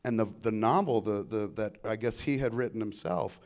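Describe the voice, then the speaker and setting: A man's voice: lowish voice, normal speed, darkish tone. A man hosting a casual fan chat, enthusiastic and swearing freely.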